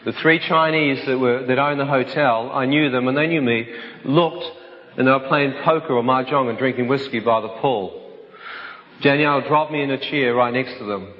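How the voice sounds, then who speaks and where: Man, mid-pitched, vivid testimony storyteller; dull recording, long hall echo. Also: normal speed. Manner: vivid storytelling that acts out other voices. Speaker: speaker telling his life story. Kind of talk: dramatic personal testimony.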